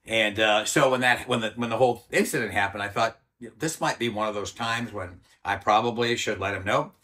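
A former soldier in his sixties, appearing as an interview guest, tells a story bluntly, swearing plenty and acting out the voices he quotes. His voice is fairly low, brisk, and sharp-toned.

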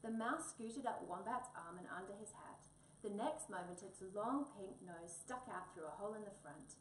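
A woman reading a children's storybook aloud in an expressive, lilting way. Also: medium pitch, moderate pace. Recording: echoey room, distant mic, faint noise.

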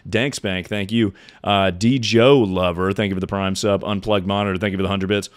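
Male streamer, low announcer-ish voice, sarcastic, casual Q&A banter. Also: steady tone, fairly quick. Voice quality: deep voice. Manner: sounds like announcing things; sarcastic, joking asides. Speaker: livestreamer. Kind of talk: casual livestream Q&A chat.

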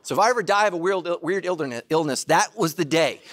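A middle-aged man preaching a sermon, self-mocking and animated, now and then bursting into shouts. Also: on the high side, brisk. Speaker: pastor.

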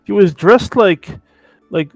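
A man's voice: sits high, takes it slowly, gravelly, a little mellow, no room sound. A man giving casual, rambling game commentary with playfully sarcastic asides, with faint music behind. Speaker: let's play commentator.

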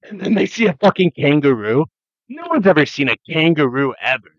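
A man's voice: fairly high pitch, big pitch swings, brisk, no echo, muffled recording. A young man co-hosting a podcast, telling rambling made-up stories in casual chat, swearing a lot and laughing often. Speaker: podcast co-host.

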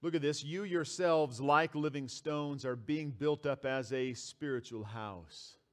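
A man's voice: a little high, unhurried. A man preaching a sermon as pastor, reading scripture aloud and repeating key phrases for emphasis. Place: church sanctuary.

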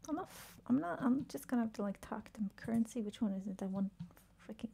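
A woman's voice: a little high, expressive, fast, vocal fry, mellow, a little hiss or hum. A woman gaming streamer giving playful, casual commentary, swearing freely and talking to her game character.

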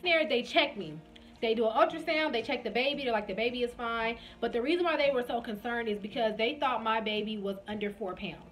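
A young woman casually telling viewers her labor story, acting out her own reactions in sudden high bursts and calling them "y'all". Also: a little fast, a bit bright, faint music behind. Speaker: vlogger.

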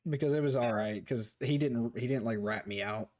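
Young male streamer, animated storyteller, swears freely, mid-pitched voice, casual chat. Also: moderate pace. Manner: animated, profane, laughs while telling stories.

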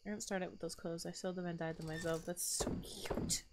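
A woman's voice: fairly low pitch, steady tone, fast talker, very noisy. A woman streaming a farming game who chats casually and expressively and swears freely. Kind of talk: casual gameplay commentary.

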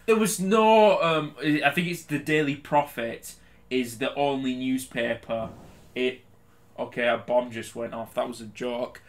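A man's voice: medium pitch, a little slow. A young man casually commentating on a game he is playing, ranting, swearing and laughing often. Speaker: game reaction host.

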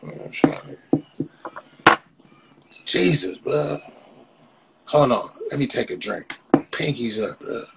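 A man hosting a phone livestream, loudly roasting and mocking his viewers with profane banter, tagging "blood" onto nearly every phrase. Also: on the high side, takes it slowly, vocal fry, pauses often, background noise. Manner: loud, mocking, repeats "blood" constantly. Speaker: livestream host. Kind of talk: profane Instagram live roast.

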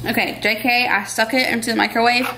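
A woman's voice: on the high side, steady tone, quick pace, bright, forceful tone. A young woman, chatting casually to viewers while she cooks in her home kitchen. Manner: chatty, addresses viewers as y'all. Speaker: cooking vlogger. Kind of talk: casual cooking vlog.

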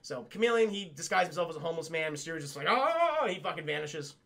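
A man recapping a cartoon episode for a live chat in a casual, profane, excitable way, laughing often. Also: fairly high pitch, racing, vocal fry. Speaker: cartoon reviewer streaming to chat.

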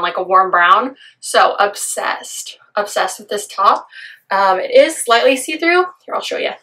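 A hoarse woman with a raspy voice, gushing through a casual try-on haul vlog. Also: mid-range voice, bright, forceful tone. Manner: gushing, effusive. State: hoarse from a cold. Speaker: fashion vlogger.

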